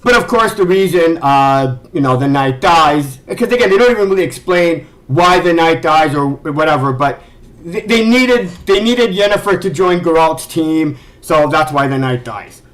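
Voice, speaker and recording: A man's voice: on the high side, expressive, moderate pace, fairly bright tone, poor audio. A man ranting as a video reviewer, exasperated and sarcastic, swearing and stumbling over restarts as he talks. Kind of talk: ranting commentary.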